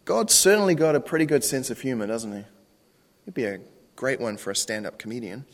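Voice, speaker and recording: A man's voice: mid-range voice, lively intonation, a little fast. A man, a pastor preaching a sermon in a conversational way, often asking rhetorical questions. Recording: long reverb.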